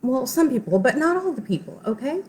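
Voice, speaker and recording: A woman's voice: high-pitched, sing-song, fairly quick. Woman, middle-aged, therapist, casual live-stream chat, chatty, self-deprecating, swears offhandedly.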